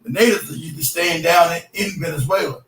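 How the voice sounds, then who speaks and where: A man with a notably high voice holds forth in loose, profane talk, laughing between his points. He sounds well back from the mic, and the room rings around him. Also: quick pace, a bit bright. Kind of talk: casual profane chat. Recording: roomy echo, distant mic.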